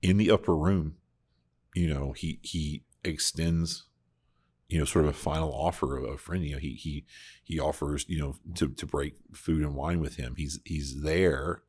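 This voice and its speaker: Low husky-voiced man hosting a podcast. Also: fairly even intonation, moderate pace, a little mellow. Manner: earnest, reflective, with frequent restarts. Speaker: podcast host. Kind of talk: casual Bible discussion podcast.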